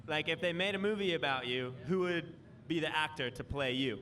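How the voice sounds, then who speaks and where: A man asking quick playful questions from a bar area at an event. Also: on the high side, bright, forceful tone, a little hiss or hum. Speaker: interviewer. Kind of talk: rapid-fire questions.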